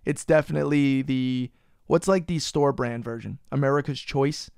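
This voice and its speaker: A man's voice: medium pitch, normal speed, vocal fry, a little mellow, smooth, dry recording, studio quality. A man hosting a casual podcast. He rants, swears freely and teases his co-host. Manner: profane, ranting, teasing his co-host.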